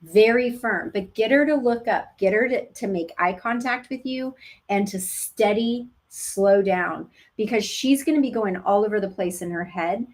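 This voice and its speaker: A woman who is a labor nurse, casually teaching expectant parents in a direct, animated coaching tone. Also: mid-range voice, normal speed. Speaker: labor nurse and childbirth educator.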